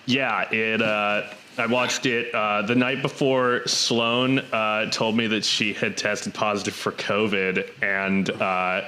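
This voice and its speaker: Slow-talking bright-voiced man chatting about films. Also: on the low side, a little hiss or hum. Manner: relaxed, thoughtful, many "um"s and "uh"s. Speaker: podcast co-host. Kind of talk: casual film chat.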